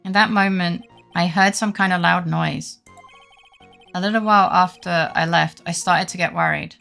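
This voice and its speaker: A jittery young man accused of a crime pleads earnestly to be believed, read aloud by a woman. The voice sits low and has a gravelly edge. Faint game music plays underneath. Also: steady tone, normal speed, sharp tone. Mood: flustered. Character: nervous young male college student on trial.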